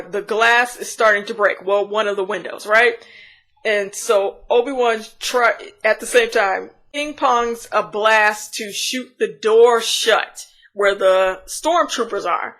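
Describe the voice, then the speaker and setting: A woman's voice: fairly high pitch, a bit bright. A woman reviewer giving a casual, rambling scene-by-scene recap, chatty with frequent restarts and giggles. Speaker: show reviewer.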